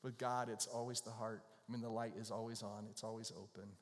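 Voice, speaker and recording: A pastor preaching a sermon, telling stories in a conversational way. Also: male voice, on the low side, little pitch movement, fairly quick. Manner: conversational storyteller. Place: church sanctuary. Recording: long reverb of a large hall.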